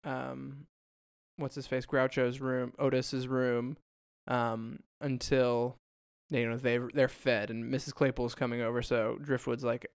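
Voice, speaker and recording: Gravelly man retelling a film. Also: mid-range voice, level tone, unhurried, no echo, clean studio sound. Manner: laughing, loose retelling with quoted voices. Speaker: podcast co-host. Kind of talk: casual chat.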